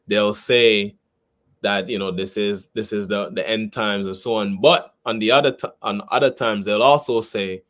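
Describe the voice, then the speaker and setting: A laid-back male co-host with a fairly low voice. He chats loosely and casually on a radio talk show, recorded in the studio. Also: moderate pace, a bit bright.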